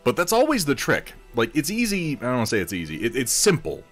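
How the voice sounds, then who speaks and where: A man's voice: medium pitch, huge pitch swings, fast talker, a bit bright, soft background music. A man hosting a casual livestream, chatting wryly with viewers in a rambling way while he eats and paints miniatures.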